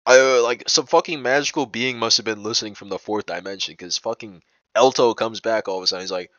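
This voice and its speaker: A man's voice: lowish voice, quick pace, fairly bright tone, no room sound, muffled recording. A young man telling a personal story in a casual vlog, rambling and profane, full of "bro" and "like". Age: young adult. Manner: agitated, indignant retelling.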